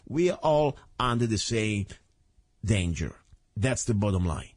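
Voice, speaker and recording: Animated Italian-accented radio host. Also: male voice, on the low side, a little slow, dry recording, clean studio sound. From Italy. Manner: animated, rambling, non-native phrasing. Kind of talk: talk radio monologue and interview.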